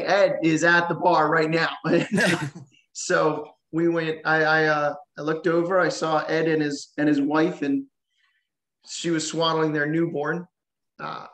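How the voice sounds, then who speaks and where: A man on a webinar panel telling a casual story, halting with many fillers and a dry, sarcastic humor. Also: fairly high pitch, flat delivery, fairly bright tone, a little hiss or hum. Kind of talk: casual anecdote. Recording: roomy echoey room sound.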